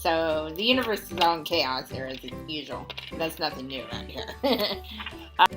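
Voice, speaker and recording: Soft music plays behind a young woman whose low, fairly bright voice is animated and moves at normal speed. She hosts an oracle card reading on her channel, chatting casually and encouragingly, with ums and little laughs as she rambles through this spiritual video.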